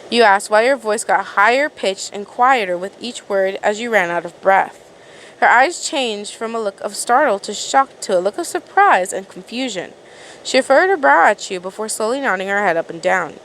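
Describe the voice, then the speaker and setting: A woman's voice: mid-range voice, animated, moderate pace, a bit bright, a little hiss or hum, low-quality recording. A woman with a mid-range voice reads a second-person story aloud in a casual, unpolished way. She often trips over words and goes back to fix them. Her delivery sounds homemade rather than performed. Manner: casual reading, frequent stumbles and restarts. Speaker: fan fiction reader.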